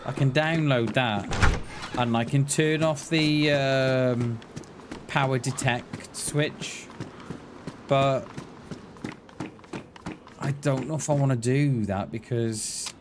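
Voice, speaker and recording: A man's voice: mid-range voice, steady tone, takes it slowly, long pauses. A man streaming a game, chatting casually in a rambling, hesitant way and often repeating his words. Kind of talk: casual live-stream chat. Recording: game noise behind the voice.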